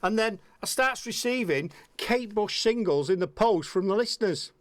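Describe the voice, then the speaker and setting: A man's voice: high-pitched, animated, normal speed, dry recording. A middle-aged man from the English Midlands hosting a radio interview, chatty and rambling, swearing freely. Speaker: radio host. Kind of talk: casual interview chat.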